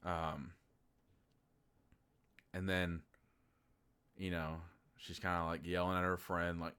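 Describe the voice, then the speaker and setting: A man's voice: low-pitched, slow pace, long pauses, fairly bright tone, clear, resonant tone. A man from Oklahoma giving a casual, sarcastic movie review, swearing freely and acting out his own incredulous reactions. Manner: acts out incredulous reactions in a raised voice.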